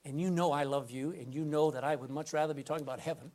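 A man's voice: on the high side, fairly even intonation, fast. A man preaching a sermon from the pulpit, reading scripture aloud and putting direct questions to the congregation. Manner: emphatic, swings between loud scripture reading and quiet asides. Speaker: pastor. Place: church pulpit.

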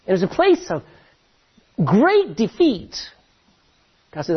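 A man preaching a sermon as pastor, telling stories in an animated way with many restarts, his voice a little husky. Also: high-pitched, slow pace, pauses often, highs cut off.

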